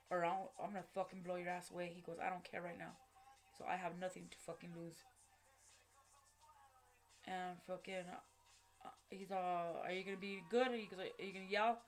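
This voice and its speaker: A woman telling a personal story straight to camera, blunt and heavily profane, halting and restarting as she goes. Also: on the low side. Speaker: vlogger recounting a personal story.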